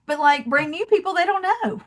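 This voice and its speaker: A woman's voice: very high voice, lively intonation, a little fast. A woman from Georgia with a Southern accent, a podcast guest telling stories expressively with acted-out asides. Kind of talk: casual podcast interview.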